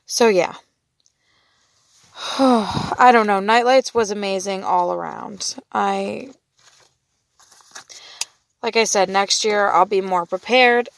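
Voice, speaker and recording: A woman's voice: mid-range voice, fairly even intonation, slow pace, creaky, pauses often, dry recording. A woman and mother chatting casually about a festival trip, rambling, swearing freely and restarting her sentences. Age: young adult or middle-aged, mother of two daughters. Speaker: vlogger recounting a festival trip. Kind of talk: casual storytelling monologue.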